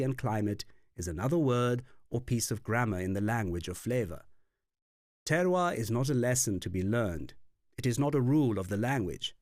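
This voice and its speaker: Lively male narrator teaching wine. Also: mid-range voice, no room sound. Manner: lively, expressive delivery with playful put-on accents. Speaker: wine course instructor. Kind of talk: scripted educational narration. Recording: dry voice-over with faint music.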